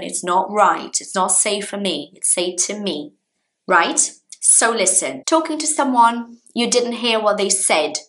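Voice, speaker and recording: A woman with a Brazilian Portuguese accent, a native Portuguese speaker, teaching an English lesson in a casual, animated way and acting out example sentences. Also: mid-range voice.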